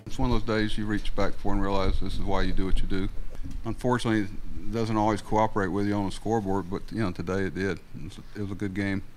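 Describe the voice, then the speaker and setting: An older man, a baseball manager, answering questions at a postgame press conference in a rambling, halting way with many fillers. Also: fairly low pitch, little pitch movement, a little mellow, a little hiss or hum.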